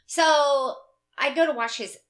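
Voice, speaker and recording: Higher-pitched woman, casual co-host, blunt and foul-mouthed, echoey room. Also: measured pace, fairly bright tone. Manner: blunt, profane, joking. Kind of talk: casual chat.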